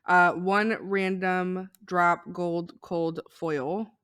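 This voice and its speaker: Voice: mid-range voice, little pitch movement, fairly bright tone, clear, resonant tone. A podcast co-host reading news items in a casual, hesitant way, correcting themself as they go. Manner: unhurried, hesitant, self-correcting.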